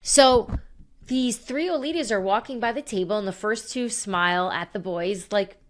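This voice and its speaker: A woman in her thirties hosting a podcast, telling a story in a lively, animated way and laughing often. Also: medium pitch, moderate pace. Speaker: podcast host. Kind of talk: casual chat.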